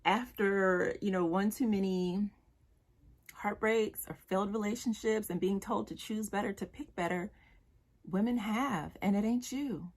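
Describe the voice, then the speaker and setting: A woman's voice: medium pitch, unhurried. A young woman vlogger giving blunt, exasperated commentary about dating, with slang and profanity. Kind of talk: direct-to-camera commentary.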